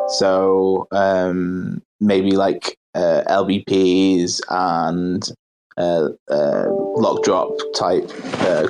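A man's voice: sits low, rough recording. A British man talking casually about his project, hesitant, with many fillers. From Britain. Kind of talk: casual chat.

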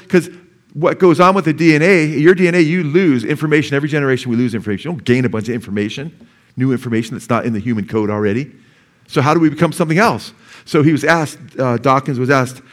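A man's voice: medium pitch, fast. A middle-aged man preaching a sermon in a church in a conversational way, often tagging his points with "amen?" and "man". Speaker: pastor.

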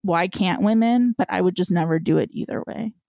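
A woman's voice: fairly low pitch, a little fast, vocal fry, darkish tone, no echo. A woman co-hosting a podcast in casual chat, chatty, laughing often and drifting into asides. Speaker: podcast co-host.

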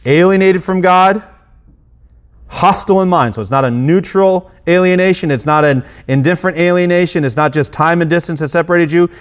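A middle-aged man, preaching a sermon in a relaxed, self-deprecating way, with acted asides and frequent restarts. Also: high-pitched, brisk. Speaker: pastor.

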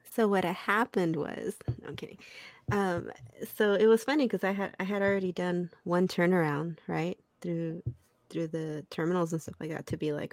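A woman telling her side of a story in relaxed casual chat. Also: lowish voice, normal speed, creaky, dry recording.

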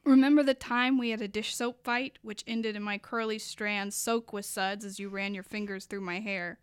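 A young adult woman performing a spoken word poem, her delivery moving between hushed passages and impassioned, rising lines. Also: medium pitch, steady tone, moderate pace, clear, resonant tone, dry recording, studio quality. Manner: dramatic, building from hushed to impassioned.

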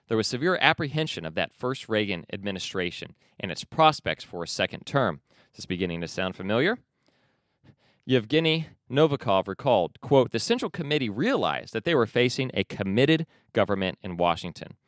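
A man's voice: lowish voice, sing-song, a little fast, dry recording, clean studio sound. A man hosting a news commentary podcast, reading book passages aloud with his own asides. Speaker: podcast host.

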